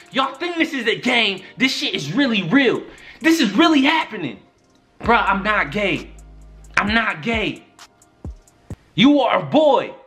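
A young man telling a story-time vlog in an exasperated, profane, animated way. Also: high-pitched. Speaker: YouTuber.

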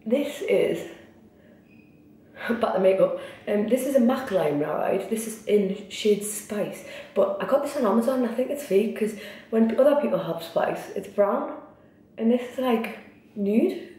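A young Geordie woman from Newcastle, England, chats candidly in a get-ready-with-me vlog, ranting and swearing freely. Her mid-range voice is warm, a little slow, with lively intonation. The recording sounds echoey, distant and noisy.

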